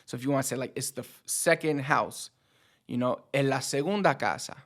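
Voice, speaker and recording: A man's voice: medium pitch, fairly quick. Chill guy teaching phrases, easygoing lesson talk, mid voice. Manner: relaxed, explains with fillers like "so" and "like". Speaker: language teacher. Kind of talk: casual language lesson.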